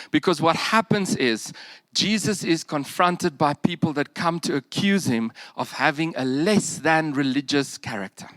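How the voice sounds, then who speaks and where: A man preaching a sermon, animated, with humorous asides and bursts of emphasis that drop to quiet. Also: on the high side, dry recording.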